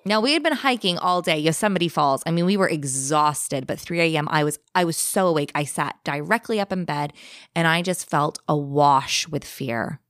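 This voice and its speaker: Woman with a lowish voice telling a creepy story, lively, dry close sound. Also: no echo. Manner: animated, vivid, speeds up and slows down for effect. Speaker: guest telling a ghost story. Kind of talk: casual storytelling.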